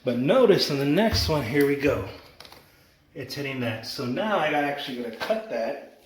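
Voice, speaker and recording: A man narrating his home renovation work in a casual how-to style, relaxed and chatty, with frequent ums and asides to viewers. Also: mid-range voice, normal speed. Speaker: DIY home renovation vlogger. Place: indoors in a small room under renovation. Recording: echoey room, faint noise.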